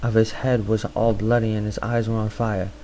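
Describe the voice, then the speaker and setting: A man's voice: on the low side, little pitch movement, normal speed, warm tone, a little hiss or hum, poor audio. A man reading a novel aloud, often stumbling and restarting words. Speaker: narrator. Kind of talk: amateur audiobook reading.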